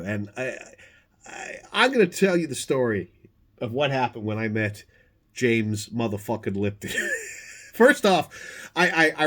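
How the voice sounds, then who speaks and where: A man telling a casual, animated anecdote to the camera, full of swearing and restarts. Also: mid-range voice. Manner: profane, animated, self-interrupting. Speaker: storyteller, former podcast host.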